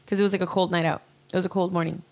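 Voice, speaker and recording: A woman's voice: lowish voice, little pitch movement, very fast, darkish tone. A young woman in casual chat, telling a personal story candidly with lots of fillers and restarts. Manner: candid, rambling, fillers and swearing.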